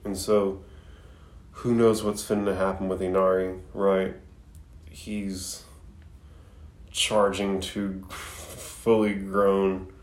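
Guy with a real low voice chatting through an anime episode recap, laid back, lots of um and you know. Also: creaky, darkish tone. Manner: loose and chatty, with fillers and slang. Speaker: anime reviewer.

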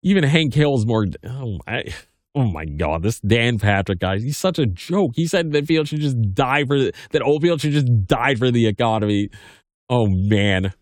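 With a mid-range voice, lively intonation and a moderate pace, a man in his thirties hosts a podcast where he reads the news and wanders into casual, rambling commentary. He stammers, restarts and leans heavily on "like", captured in a dry, clean studio recording.

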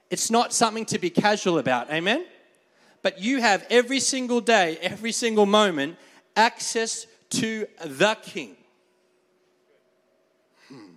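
A man preaching a conversational sermon, calling for amens and laughing often as he brings a volunteer on stage. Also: high-pitched. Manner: conversational, asks the crowd for amens. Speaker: pastor. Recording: long reverb of a large hall.

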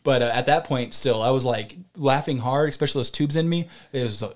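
A man's voice: mid-range voice, brisk. A man co-hosting a podcast, telling a long story in casual chat, rambling and digressive, with some swearing. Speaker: podcast co-host.

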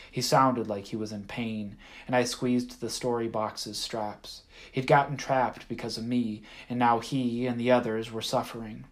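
A man reading a first-person audiobook in a measured, even storytelling manner. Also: lowish voice. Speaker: audiobook narrator.

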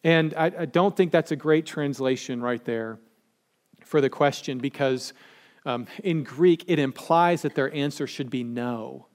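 A man's voice: medium pitch, measured pace, a little mellow. A man preaching a sermon to a live congregation in a conversational style, speaking directly to his listeners. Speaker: pastor.

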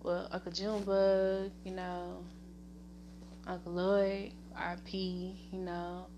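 A woman with a Southern US accent hosting her own podcast, rambling casually, laughing often and giving shout-outs to family and friends. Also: fairly low pitch, completely flat delivery, takes it slowly, muffled recording, background noise. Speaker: podcast host. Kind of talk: casual solo podcast chat.

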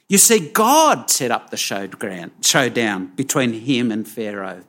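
Slow, emphatic male preacher. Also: medium pitch, sing-song, fairly bright tone. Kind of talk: sermon.

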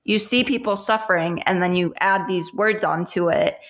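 A woman's voice: lowish voice, moderate pace, a bit bright. Rambling young woman, swearing casually. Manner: rambling, heavy filler "like", frequent swearing and laughs. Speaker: podcast co-host. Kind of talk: casual chat.

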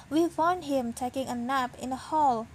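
A woman's voice: high-pitched, normal speed, a little hiss or hum, natural voice. A woman voicing a pair of cheerful parent dogs in a storybook, speaking with amusement. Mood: amused.

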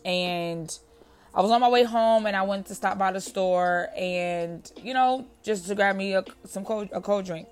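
A woman's voice: mid-range voice, a little slow. A woman hosting a motivational podcast, telling a story in a conversational way, calling the listener friend and repeating phrases for emphasis.

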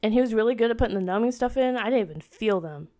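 A woman's voice: fairly high pitch, expressive, racing, mellow. A woman in her thirties chatting casually on her own podcast, rambling and restarting, with lots of filler words. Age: 30s. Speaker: podcast host. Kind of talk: casual solo podcast chat.

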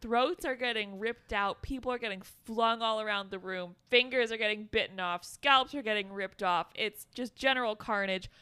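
Woman co-host, bright and crisp voice, laid-back casual chat. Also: on the high side, moderate pace, few pauses, no room sound. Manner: laid-back, frequent "like", swears, laughs at the story. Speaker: podcast co-host.

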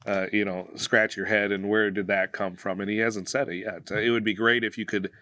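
A man's voice: on the low side, level tone, brisk, pushed and bright, no room sound. A man co-hosting a podcast, speaking hesitantly with many fillers. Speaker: podcast co-host, police officer. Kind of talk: casual podcast conversation.

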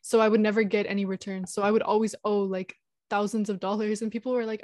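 A young woman co-hosting a podcast, telling animated stories and laughing often. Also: mid-range voice, fast talker, no room sound, studio quality. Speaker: podcast co-host. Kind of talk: casual chat.

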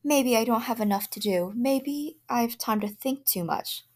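A woman's voice: normal speed, a little mellow, slight background noise, lightly acted. A woman reading the part of an anxious housewife in a short story, her voice raised and pleading. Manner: tense, pleading, higher than her narration.

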